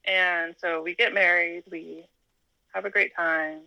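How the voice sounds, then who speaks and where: A woman from Alaska tells her own story in a relaxed, chatty way, often laughing and acting out the lines of the people in it. Her voice is fairly low for a woman but bright and forceful, and the recording is dry and close. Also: slow pace, creaky, no room sound, rough recording. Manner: animated, laughs often, acts out quoted dialogue. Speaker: interview guest. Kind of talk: casual storytelling.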